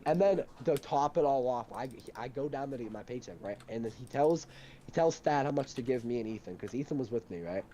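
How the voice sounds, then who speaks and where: Young guy ranting fast about work, mellow low-key tone, bit of hiss behind him. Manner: animated, heated storytelling with lots of swearing. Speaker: storyteller in a duo chat. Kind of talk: casual chat.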